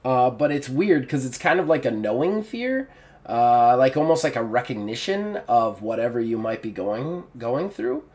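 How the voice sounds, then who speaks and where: A man's voice: medium pitch, big pitch swings, normal speed, darkish tone. A man narrating a tabletop game as game master in a casual, rambling way. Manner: casual, rambling with fillers and restarts.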